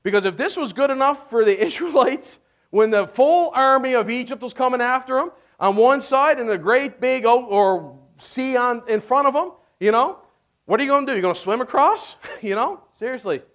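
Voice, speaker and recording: High-voiced animated preacher man. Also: normal speed. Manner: animated, acts out voices, laughs often. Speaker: pastor. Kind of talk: sermon storytelling.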